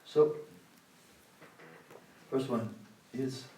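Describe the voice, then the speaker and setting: A man in his sixties giving a dharma talk at a meditation retreat, sarcastic and animated, acting out the inner voices of his students. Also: medium pitch, very slow, noisy background. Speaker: meditation teacher. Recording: roomy hall, voice from the mic's distance.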